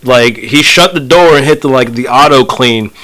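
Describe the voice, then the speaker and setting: A man co-hosting a casual podcast chat, telling profane stories in an animated way. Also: medium pitch, moderate pace, low-quality recording. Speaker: podcast co-host.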